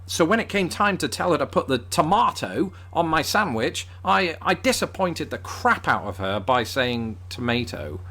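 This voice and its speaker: A man's voice: a little high, sing-song, normal speed, few pauses, bright, forceful tone. A man from England with a southern English accent, hosting a scripted commentary video with dry, wry humor. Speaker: video host.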